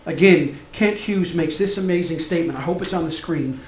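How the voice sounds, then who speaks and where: A man preaches with a high, ringing voice that swings from loud and emphatic to soft and hushed. The sound is roomy and echoey, as in a church sanctuary. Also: fairly quick, a little hiss or hum. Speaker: pastor. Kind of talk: sermon.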